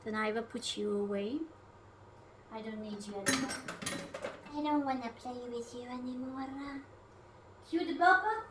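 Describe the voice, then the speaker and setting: A woman's voice: a little high, flat delivery, moderate pace, pauses often, distant mic, noisy background. A woman streaming herself cooking at home, chatting casually, rambling, swearing often and talking to her food and her viewers. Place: home kitchen.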